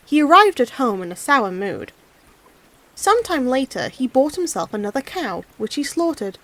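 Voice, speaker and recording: Animated woman reading a fairy tale. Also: sits high, normal speed. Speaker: audiobook reader. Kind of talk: storybook narration.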